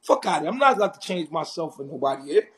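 A man from Harlem with a New York accent, ranting intensely and confrontationally on a live stream, loud and in your face. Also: fairly high pitch, sing-song, racing. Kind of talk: heated live stream rant.

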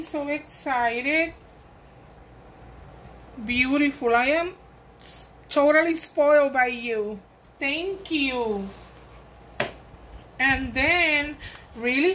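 A woman's voice: high voice, fairly bright tone, a little hiss or hum, low-quality recording. Gushing woman. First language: Spanish. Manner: gushing, exclamatory, enthusiastic. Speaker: crafting vlogger. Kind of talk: gift unboxing chat.

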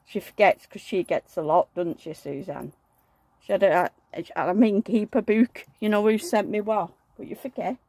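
A woman talks in a blunt, chatty way as she works at home, murmuring fondly to her dolls between grumbles. Her voice has a gravelly, creaky texture and sits in a middle pitch for a woman. The sound is dry and close, with no room echo. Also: moderate pace, darkish tone. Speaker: doll collector vlogger. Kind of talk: chatty running commentary while working.

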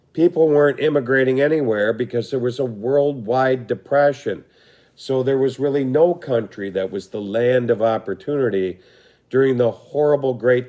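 A man teaching a recorded history lesson, his voice going hoarse, talking in a relaxed way with frequent fillers and throat clearing. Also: mid-range voice.

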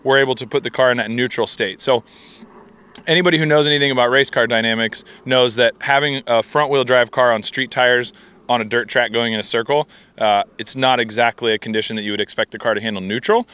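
A man working as a rally driving instructor, explaining technique in a relaxed, conversational way. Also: medium pitch, brisk, clear, resonant tone.

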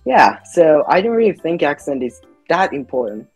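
A man's voice: a little high, sing-song, moderate pace, slightly rough, no echo, faint music behind. A young man from Japan, a native Japanese speaker with a mixed American and British accent, chatting hesitantly on a video call with many fillers. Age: young adult. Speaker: YouTuber doing a prank lesson. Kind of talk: casual chat on a video call.

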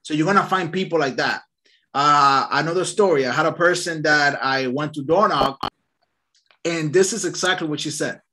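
A man leading a casual online real estate training, telling lively stories in an upbeat way over a video call. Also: on the high side, moderate pace, a little hiss or hum.

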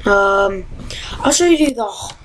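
A woman giving casual, excitable commentary while playing a video game at home, often exasperated and yelping at tough jumps. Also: medium pitch, takes it slowly, slight background noise, low-quality recording. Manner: exasperated, excitable, yelps and gasps. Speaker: gamer.

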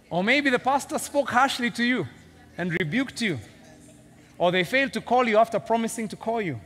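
Preaching as senior pastor, a man with a Kenyan accent and a high voice is animated and humorous, acting out characters and laughing often. The audio carries long hall reverb and a little hiss or hum.

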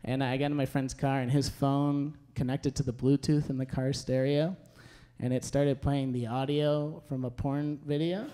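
A young man performing a stand-up comedy set on a club stage, telling stories in a deadpan way with punchy asides. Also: medium pitch, moderate pace, clean tone. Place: comedy club stage before a live audience. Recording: live show with audience laughter.

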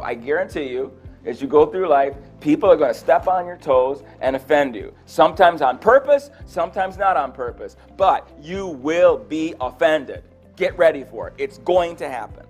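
Man preaching, lively storyteller, somewhat high-pitched, faint music behind. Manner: animated, conversational, acts out quotes. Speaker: Bible teacher. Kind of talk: sermon on a parable.

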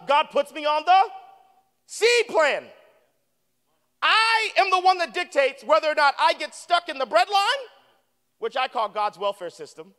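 A man preaching a sermon as a guest preacher in a church, animated and calling for responses from the congregation. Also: very high voice. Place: church sanctuary. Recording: long reverb of a church hall.

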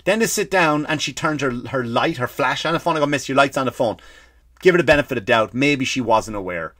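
An Irish man hosting a comedy podcast, ranting and swearing freely, breaking into loud acted-out bursts. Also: mid-range voice, fairly quick, no echo, studio quality. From Ireland. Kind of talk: comedic rant.

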